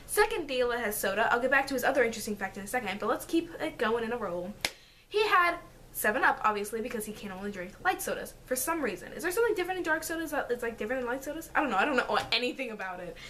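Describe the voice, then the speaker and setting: A teenage girl chats to her camera from her bedroom, bubbly and quick to laugh as she acts out conversations. Her voice sits high and bright. A faint hum of the room runs underneath. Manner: energetic, animated, acts out quotes, giggly. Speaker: vlogger. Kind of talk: casual storytelling vlog. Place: bedroom at home.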